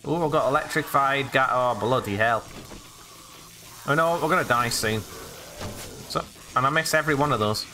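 Guy rambling thru a zombie game, bright bouncy voice, faint hiss behind. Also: medium pitch, normal speed, long pauses. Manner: jokey, rambling, exclamatory asides. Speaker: gaming let's-play host. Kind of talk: casual gameplay commentary.

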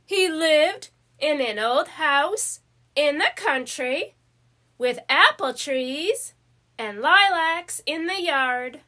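Slow, bright-voiced woman reading a story. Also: sits high, animated. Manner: slow, careful read-aloud delivery. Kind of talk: reading a children's story aloud.

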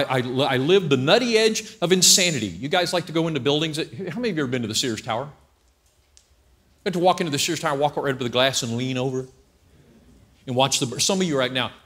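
A male pastor preaching a humorous sermon at a church service, acting out scenes and joking as he goes. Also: fairly high pitch. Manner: animated storyteller who acts out scenes and jokes.

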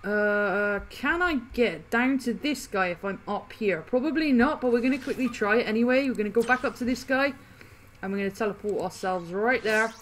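A woman with a fairly high voice talks her way through a video game, chatty and easily excited. She laughs often and reacts loudly to what happens on screen. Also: moderate pace, a little hiss or hum. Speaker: gaming channel host. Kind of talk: casual gameplay commentary.

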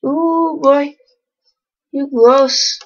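A woman's voice: high voice, steady tone, very slow, lo-fi sound. A young woman casually commenting on a life-sim game she is playing and talking to its characters in a teasing way. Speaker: let's play gamer.

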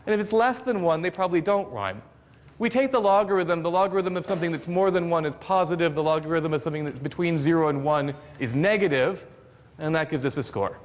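A man with a high-pitched voice explains his subject step by step to a room of listeners, adding a little dry humor along the way. His words ring out with the long reverb of a lecture hall. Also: quick pace. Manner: explanatory, lightly joking. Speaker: professor. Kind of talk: university outreach lecture.

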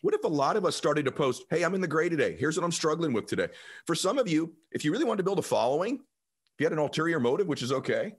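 Fast, passionate male host, husky. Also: on the high side, sing-song. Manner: passionate, urging listeners directly. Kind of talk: interview, motivational talk.

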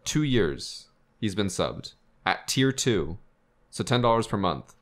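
A man's voice: on the low side, big pitch swings, slow. A young man co-hosting a podcast in casual chat, telling gaming stories with quoted voices and frequent laughter. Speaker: podcast co-host and streamer.

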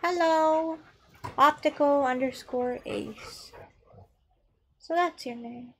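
A woman's voice: sits high, slow, a little hiss or hum. A young adult woman chatting casually on a live game stream, playful and chatty, swearing freely and coaxing her pet between rounds. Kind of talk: casual live-stream chat while gaming.

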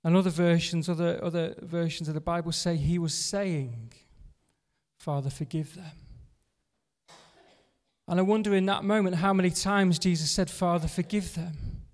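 A male pastor delivers an earnest sermon in a slightly high voice, returning again and again to a hushed refrain. The sound carries the long reverb of a church hall. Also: steady tone, fairly quick, few pauses. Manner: earnest, repeating a refrain with drops to a soft hush.

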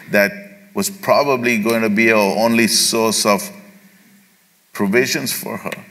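Deep-voiced man preaching in a reverberant hall. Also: fairly bright tone. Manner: retells scripture with acted quotes, halting restarts. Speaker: pastor. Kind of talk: sermon. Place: church sanctuary.

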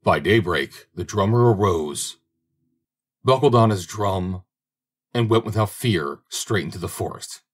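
A man reading a fairy tale aloud as an audiobook narrator, in a steady, measured storytelling manner. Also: fairly low pitch, husky.

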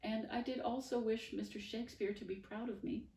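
A woman voicing a weepy, earnest male character with high, quavering, formal speech. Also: fairly even intonation, fairly quick, gravelly, dark tone, reverberant. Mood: tearful. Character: weepy, old-fashioned male clone, earnest.

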